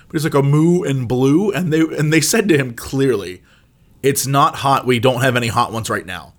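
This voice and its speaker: A man in casual chat, telling a funny family story and jumping up high when quoting himself. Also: expressive, normal speed, fairly bright tone.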